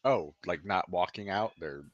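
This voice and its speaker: A man's voice: low-pitched, moderate pace, no echo, highs cut off, faint music behind. A man playing a tabletop game, casual and playful, asking questions and declaring his actions. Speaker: player.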